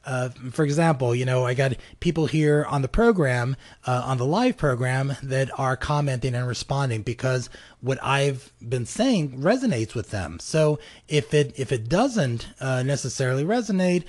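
A man's voice: mid-range voice, lively intonation, normal speed, a little mellow. Chatty man giving marketing advice. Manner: conversational, many fillers, acts out little dialogues. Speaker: podcast host. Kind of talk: casual advice talk. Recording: live program.

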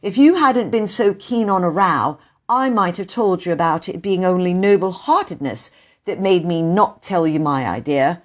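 A woman's voice: lowish voice, animated, moderate pace, lightly acted. A woman voicing a proud, secretive boy who talks loftily to his sisters. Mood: lofty. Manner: lofty and self-important.

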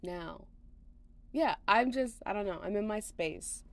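A woman's voice: medium pitch, lively intonation, unhurried. A slightly tired woman hosting a podcast from home, rambling casually with lots of fillers and laughs. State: a little tired. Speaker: podcast host.

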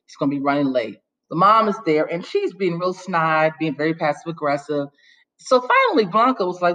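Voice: mid-range voice, fairly quick. A host recaps a show in loose, gossipy chat, full of sassy asides. The host slips into quoted lines to act out each character. The sound is a little dull and lo-fi. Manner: animated storytelling, acts out quotes, sassy asides. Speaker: podcast host recapping a TV episode.

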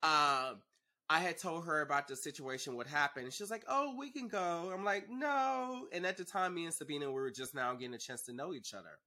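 A man's voice: fairly high pitch, lively intonation, quick pace, bright, forceful tone. Sassy, profane young man telling a story. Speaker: podcast host. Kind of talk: casual storytelling.

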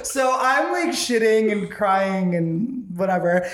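A man's voice: high voice, animated, slow pace, a bit bright, a little hiss or hum. A young man hosting a podcast, telling a story in casual chat, camp and profane, laughing often. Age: young adult. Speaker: podcast host. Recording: roomy echo.

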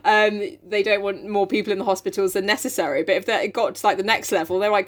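A woman's voice: steady tone, fast talker. A young woman casually chatting as a podcast co-host, recapping a novel and swearing freely. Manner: swears freely, acts out characters in big high voices.

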